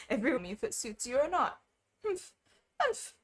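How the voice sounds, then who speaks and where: A woman's voice: a little high, big pitch swings, moderate pace. A woman streaming casually, chatting with viewers while she stitches, full of wry asides and frequent laughter.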